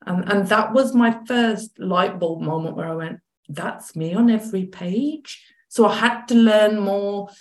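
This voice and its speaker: A woman, a chronic pain coach as guest, telling a personal story in lively conversation and acting out what others said. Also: mid-range voice, measured pace, echoey room. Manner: animated, acts out quoted dialogue.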